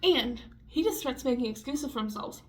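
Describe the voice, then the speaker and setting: A young woman telling a story in a casual vlog, talking fast and loose with lots of swearing and filler words. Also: high voice, animated. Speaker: vlogger. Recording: dull lo-fi audio with faint music.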